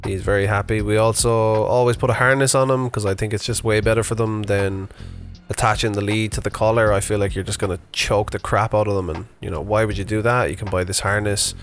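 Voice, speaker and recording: A man's voice: fairly low pitch, fairly even intonation, a little fast, soft background music. A man in his thirties casually narrating an unscripted vlog while walking his dog outdoors, chatty and rambling with fillers. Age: 30s. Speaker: vlogger. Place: outdoors on a morning walk.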